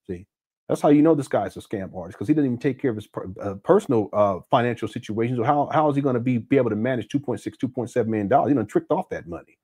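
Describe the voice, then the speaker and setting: A man talks off the cuff on a livestream. His voice sits at an everyday middle pitch. He restarts sentences constantly, fills gaps with "uh" and "you know", and jokes and laughs with his viewers. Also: animated, racing, breathy edge. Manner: rambling, frequent restarts and fillers; loud, laughing banter with viewers. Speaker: host. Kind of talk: casual livestream commentary.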